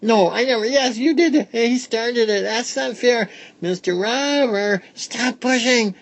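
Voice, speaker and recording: A man voicing a crowd of noisy, squabbling young schoolchildren in a read-aloud storybook, in a high, whiny, excitable chatter. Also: measured pace.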